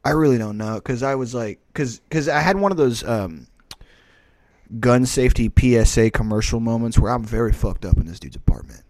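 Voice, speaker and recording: A man's voice: mid-range voice, expressive, fairly quick, darkish tone, no echo. A man co-hosting a podcast, telling a rambling, profanity-heavy story in casual chat. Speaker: podcast co-host.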